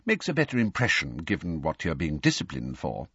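A man voicing an excitable middle-aged wizard father fascinated by non-magic things, in a raised, eager storybook voice. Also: extremely low pitch, fairly quick, husky, dry recording, lo-fi sound, heavily acted. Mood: kindly.

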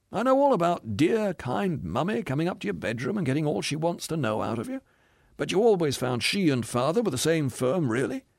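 Picture a hard-bitten ghost, bitter and cynical, who rants with a high, sharply swinging voice that keeps leaping up in scorn, as a man puts him on. The sound is close and dry, with no room around it. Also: no echo. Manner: sneering, scornful, ranting complaints.

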